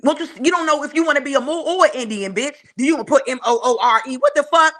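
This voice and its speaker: A fiery woman with a D.C. tears into someone on her live stream. Her voice sits a bit high and flies higher when she yells. The talk is profane and cutting, with sudden shouts. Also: fast talker. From Washington, D.C. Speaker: channel host ranting on a live stream. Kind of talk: heated live-stream rant.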